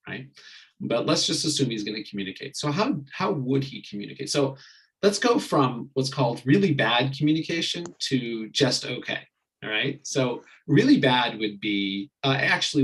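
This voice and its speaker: A man leading an online marriage communication class, retelling a story in a relaxed way with many fillers. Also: mid-range voice, rough recording. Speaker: marriage workshop leader.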